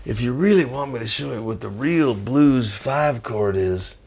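A man voicing a laid-back older male blues guitarist who talks low and quietly with a straight face. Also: expressive, a little slow, breathy edge. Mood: deadpan.

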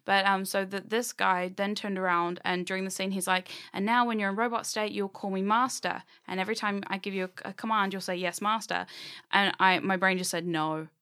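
A woman's voice: medium pitch, flat delivery, pushed and bright, clear, resonant tone. Young aussie woman telling a story on a podcast, chatty and rambly. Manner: chatty, rambling, quick asides with laughs. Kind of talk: casual chat, personal story.

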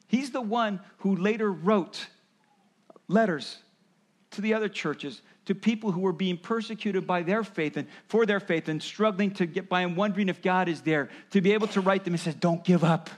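A man's voice: high voice, moderate pace. A man preaching a sermon, explaining and acting out quoted voices as he goes. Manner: animated, acts out voices of parents and Jesus. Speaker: pastor.

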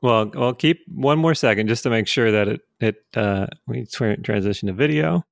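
A man's voice: mid-range voice, moderate pace, creaky, dry recording. A man running a casual livestream, chatting and cracking dry, teasing jokes with friends. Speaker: streamer, co-host.

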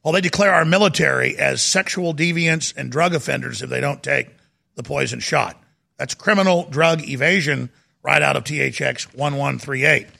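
A middle-aged man hosting a talk show, ranting and mocking, sometimes rising to a shout. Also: medium pitch, moderate pace, gravelly. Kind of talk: heated political talk show monologue.

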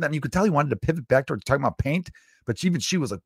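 A man's voice: mid-range voice, expressive, fast, no room sound, clean studio sound. A man in his thirties hosting a podcast, telling a rambling story in a profane, self-mocking, casual way. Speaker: podcast host. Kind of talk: casual comedic monologue.

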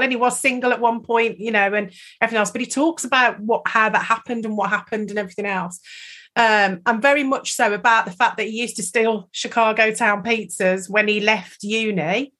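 A woman co-hosts a chat show, rambling and filling her talk with "you know" and "like." Her voice is a little high, and she gets emotional as she talks. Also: fairly bright tone. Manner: emotional, chatty, rambling with many fillers. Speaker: podcast co-host. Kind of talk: casual chat.

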